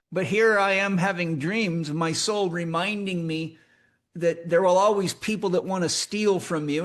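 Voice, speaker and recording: Brief: middle-aged male spiritual teacher, high voice, profane animated storyteller. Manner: profane, animated retelling, acting out shouted quotes. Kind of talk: storytelling talk to students.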